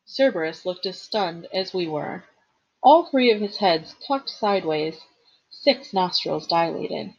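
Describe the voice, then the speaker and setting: A woman teacher reads a novel aloud in a fairly low, husky voice, with expressive storytelling and the odd stumble she corrects. The recording is a bit dull and lo-fi. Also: unhurried. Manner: expressive storytelling, occasional slips and rereads.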